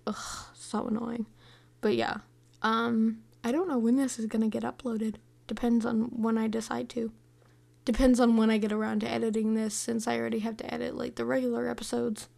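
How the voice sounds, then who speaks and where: A woman's voice: fairly high pitch, vocal fry, darkish tone. A young woman hosting a podcast, rambling through a casual film review with constant fillers and restarts. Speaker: podcast host.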